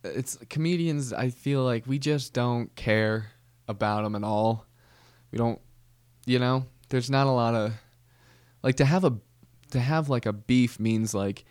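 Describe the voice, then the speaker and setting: Man, comedian, podcast host, deadpan, slangy rambling, mid pitch, dry studio sound. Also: dry recording. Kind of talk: comedic monologue.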